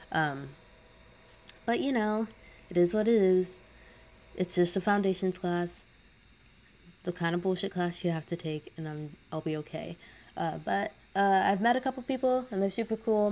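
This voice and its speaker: Young woman, lowish voice, casual rambling voice-over, self-deprecating. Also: darkish tone. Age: young adult. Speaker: artist narrating a speed paint.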